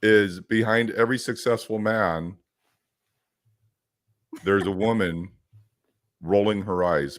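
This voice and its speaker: A low-pitched man co-hosting a casual talk. He tells stories with energy and acts out what people said, with a lively, talkative delivery. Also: a little slow, pauses often. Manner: energetic storyteller, acts out quotes. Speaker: podcast co-host. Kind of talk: casual chat.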